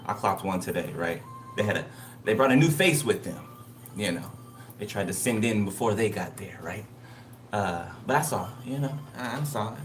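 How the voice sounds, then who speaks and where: A man's voice: lowish voice, moderate pace, echoey room, far from the mic, a little hiss or hum. A man giving a casual spiritual reading. He talks bluntly and emphatically, repeats himself, and swears freely. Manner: blunt, repetitive, profane. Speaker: tarot reader.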